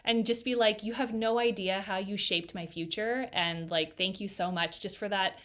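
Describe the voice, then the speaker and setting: A woman's voice: mid-range voice, moderate pace. A woman hairstylist in a casual podcast conversation, telling a story with quoted voices acted out, recorded over a video call. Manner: lively storyteller who acts out quoted voices.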